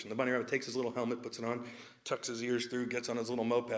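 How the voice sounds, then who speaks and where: Young man, comedian, bright forceful voice, chatty storytelling, laughs a lot, live audience. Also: mid-range voice, quick pace. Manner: laughs often while telling stories, chatty with many fillers. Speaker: stand-up comedian. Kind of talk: storytelling talk with jokes.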